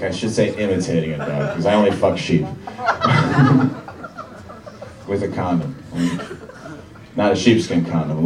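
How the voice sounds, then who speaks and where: A young man doing a stand-up routine in a comedy club, with deadpan, dry one-liners. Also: low-pitched, very noisy. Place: comedy club with live audience. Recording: roomy club sound from a distant mic, crowd laughter.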